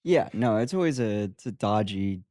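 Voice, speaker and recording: A young man in casual chat, joking and chiming in with quick agreement. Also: on the low side, expressive, mellow, dry recording, studio quality.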